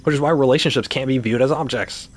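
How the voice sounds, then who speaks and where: A man's voice: medium pitch, fast. A man talking casually while playing a game, ranting with rhetorical questions and swearing. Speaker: gaming streamer. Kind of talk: casual rant while gaming.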